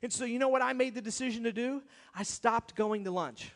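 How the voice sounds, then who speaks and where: Male pastor, high voice, conversational emphatic sermon, long hall reverb. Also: a little fast. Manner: conversational and emphatic, with repeated rhetorical questions.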